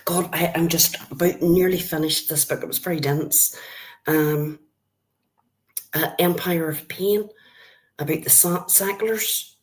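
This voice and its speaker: Northern Irish woman, middle-aged, low voice, friendly live-stream chatter. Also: steady tone, a little slow, long pauses. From Northern Ireland. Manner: chatty, greets viewers by name, calls them love. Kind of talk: casual live-stream chat with viewers.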